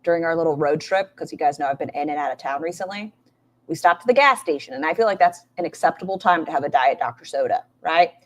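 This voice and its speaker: Sarcastic, low-voiced woman streamer. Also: lively intonation, quick pace. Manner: sarcastic, swears freely, talks to chat. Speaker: reaction streamer. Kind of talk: casual live-stream commentary.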